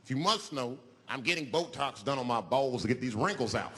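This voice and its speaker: A man's voice: medium pitch, animated, a little fast, far from the mic. A man doing a stand-up comedy set, telling loose, profane stories in a conversational way. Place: live comedy club with audience. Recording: roomy live recording, crowd noise. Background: audience laughter.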